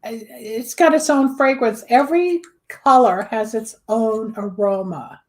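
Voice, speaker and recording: A woman's voice: on the high side, slow pace. A woman hosting a talk show, chatty and explaining things with everyday kitchen examples. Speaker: host, candle magic practitioner. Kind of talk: casual talk show chat.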